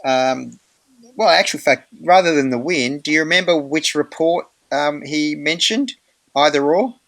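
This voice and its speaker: A man's voice: on the high side, normal speed, vocal fry, no room sound. An Australian man hosting a casual meeting, telling stories with many fillers and acting out what others said. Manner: chatty, animated, many fillers, acts out quoted voices. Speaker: meeting host. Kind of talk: casual storytelling in an online meeting.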